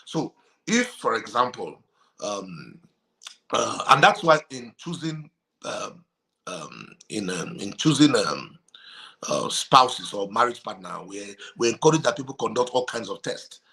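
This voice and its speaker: A man's voice: lowish voice, big pitch swings, measured pace, vocal fry, pushed and bright. Emphatic male pastor on marriage. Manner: emphatic, repeats key phrases for weight. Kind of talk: conversational teaching on marriage.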